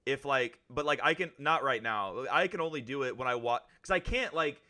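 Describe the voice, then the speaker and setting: A man's voice: medium pitch, animated, a little fast, bright, forceful tone. A man co-hosting a podcast in casual chat, rambling and hedging with lots of fillers. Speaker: podcast co-host.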